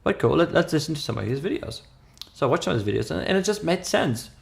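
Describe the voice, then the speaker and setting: A man's voice: a little high, sing-song, fast, gravelly. A man in his thirties with a foreign accent, telling a story in a casual podcast conversation, emphatic with many restarts. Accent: foreign accent in English. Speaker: podcast co-host.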